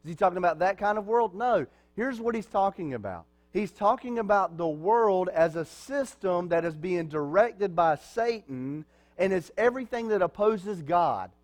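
A man's voice: sits high, animated, normal speed. A man preaching a sermon as pastor, in a conversational way, asking his congregation questions and answering them.

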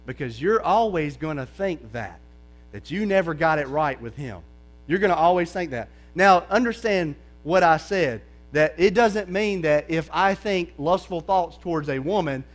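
Male preacher, slightly high voice. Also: animated, moderate pace. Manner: conversational, keeps checking in with "okay?" and "right?"; drops to a soft, low voice for stretches. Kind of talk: sermon to a congregation.

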